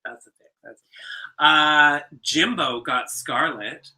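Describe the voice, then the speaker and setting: A man co-hosting a casual drag show review, recapping with animated, giggly energy. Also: on the high side, slow pace, low-quality recording. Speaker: drag queen co-host. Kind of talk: casual chat.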